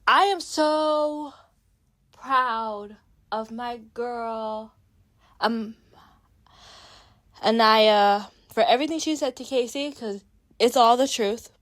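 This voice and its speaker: A woman's voice: a little high, slow pace, pauses often, a bit bright. A young woman with a Canadian accent recapping a reality show, talking straight to her viewers with blunt opinions. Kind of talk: casual chat.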